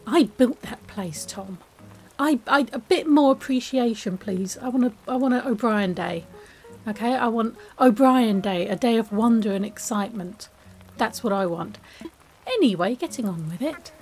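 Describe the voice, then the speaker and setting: An English woman giving chatty, excitable, self-mocking let's-play commentary as a gaming YouTuber. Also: on the high side, moderate pace, soft background music.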